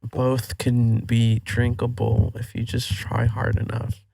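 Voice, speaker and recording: A man's voice: mid-range voice, takes it slowly, gravelly, dry recording, clean studio sound. A man joking around as a guest in a casual podcast conversation. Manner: joking, even-toned. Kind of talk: casual chat.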